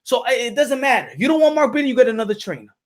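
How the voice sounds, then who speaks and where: A man hosting a boxing channel, lecturing in an emphatic, preachy monologue that repeats his points and sometimes shouts. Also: very high-pitched, very animated, racing. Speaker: boxing commentator and channel host. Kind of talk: animated monologue skit.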